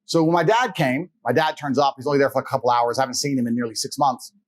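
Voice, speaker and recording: A man raised in England, a guest in an interview, telling personal stories in a blunt, profane, animated way. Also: mid-range voice, quick pace. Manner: animated, blunt and profane, acts out quoted voices. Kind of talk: fast personal storytelling in conversation. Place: interview set.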